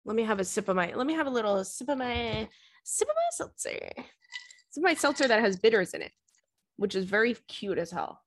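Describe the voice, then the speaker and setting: A woman in her thirties giving blunt, fired-up advice in casual chat, swearing freely and getting loud as she gets riled up. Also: on the high side, animated, fast talker, no room sound. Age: 30s. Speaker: podcast host giving advice.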